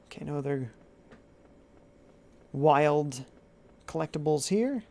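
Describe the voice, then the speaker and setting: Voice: medium pitch, expressive, slow, vocal fry, warm tone. A game streamer giving live commentary, reading viewers' chat aloud and musing and humming while deciding things. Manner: chatty, muses aloud, hums while thinking.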